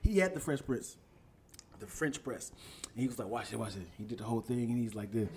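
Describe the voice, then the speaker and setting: A man's voice: medium pitch, fairly quick. A young adult man co-hosting a podcast, chatting casually and acting out the people in his stories. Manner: animated storytelling, acts out quoted friends. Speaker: podcast co-host. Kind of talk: casual chat.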